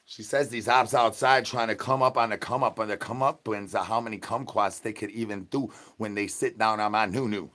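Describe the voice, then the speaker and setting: A man hosting a livestream, rambling nonsense and chanting the same catchphrases at his chat, dropping to a mumble and then bursting out louder. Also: lowish voice, steady tone, a little fast, few pauses. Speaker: livestream host. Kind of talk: absurd livestream banter.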